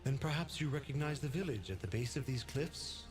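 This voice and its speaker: A man voicing a formal, measured, ancient talking sword in a video game. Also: mid-range voice, lively intonation, music in the background, close to an everyday voice. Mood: solemn.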